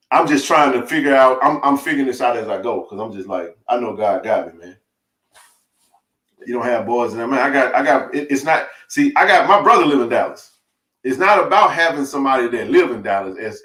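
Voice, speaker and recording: A middle-aged man, telling a rambling, animated story on a live stream, full of restarts and laughs. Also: mid-range voice, brisk. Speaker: live-stream sports chat host. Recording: roomy echo.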